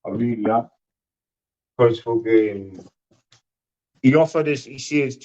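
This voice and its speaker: A man co-hosting a livestream panel, arguing loudly, swearing and mimicking the people he argues with. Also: medium pitch, slow pace, long pauses. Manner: loud, sweary, mimicking others. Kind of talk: heated livestream argument. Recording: muffled lo-fi stream audio.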